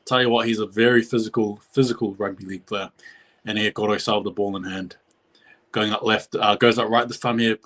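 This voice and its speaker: A man's voice: on the low side, steady tone, brisk, a bit bright. A man giving live play-by-play commentary on a match as a stream host, rambling and correcting himself, his voice jumping up at big plays.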